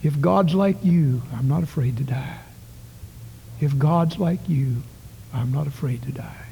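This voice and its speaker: A man voicing a sick little boy who speaks softly and trustingly, in a sermon story. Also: a little high, slow pace, gravelly, a little hiss or hum. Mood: hushed. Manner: soft, hushed.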